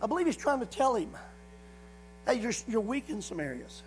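A man's voice: extremely high pitch, very animated, normal speed, slight background noise, rough recording. A man preaching a sermon, hammering points through repetition and punctuating them with frequent calls of "amen". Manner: repetitive emphatic phrasing, frequent "amen" call-outs.

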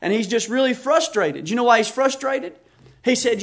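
A preacher from the United States giving an emphatic sermon, reading scripture aloud and telling stories. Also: male voice, very high-pitched, animated, normal speed. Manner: emphatic, reads scripture aloud and tells anecdotes.

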